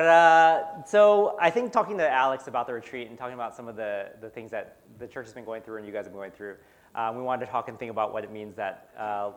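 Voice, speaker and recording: Middle-aged guy giving a church talk, jokey and self-deprecating, lots of ums, average pitch. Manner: self-deprecating, joking, chatty with many fillers. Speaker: guest speaker at a church retreat. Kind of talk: humorous talk to a congregation.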